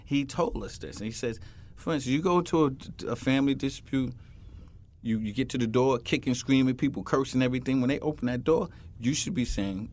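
A man's voice: mid-range voice, brisk, a little mellow, a little hiss or hum. A man, a retired police officer, telling stories in an interview and acting out the people in them. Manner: acts out scenes in quoted voices, emphatic. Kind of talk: animated storytelling interview.

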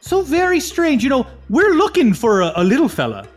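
A man voicing a lithe, mustached human cop who talks loudly and with overdone politeness while prying. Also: very high-pitched, wildly swooping pitch, a little fast, faint music behind, voice pushed up, exaggerated voice. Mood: loud, fake-kindly. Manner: loud, overly polite and nosy.

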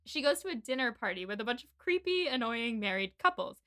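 A woman's voice: on the high side, sing-song, a little fast, bright, forceful tone. An American woman in casual podcast chat, retelling a film's plot in long, breezy summaries.

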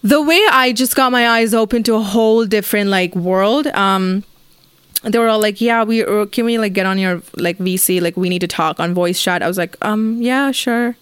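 Young woman podcast host, mid-pitched, dry close mic, blunt profane storytime rant, heavy "like" fillers. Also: steady tone, normal speed, clean tone, dry recording. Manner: blunt, profane, lots of "like" fillers, acts out friends' voices.

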